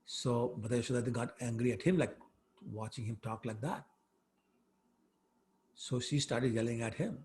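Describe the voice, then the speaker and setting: A man teaching a scripture class, telling the story in an animated, conversational way with frequent fillers. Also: mid-range voice, normal speed, pauses often.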